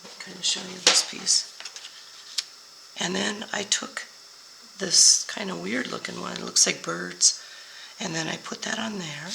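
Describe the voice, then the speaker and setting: Slow, gravelly older woman demonstrating crafts. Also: on the low side, background noise. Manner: slow, step-by-step explaining while working. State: hoarse, voice going out. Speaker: papercraft demonstrator. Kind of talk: card-making tutorial.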